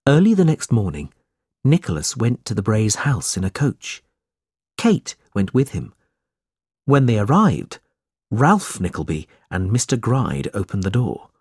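Male audiobook narrator, measured, lively pitch, husky tone. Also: dry recording, clean studio sound. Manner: plain, measured storytelling. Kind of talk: storybook narration.

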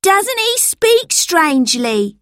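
A woman voicing ragged street-boy pickpockets who taunt in a raised, drawn-out voice in a storybook reading. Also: very high voice, sing-song, a bit bright, dry recording, studio quality, voice pushed up, exaggerated voice. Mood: mocking.

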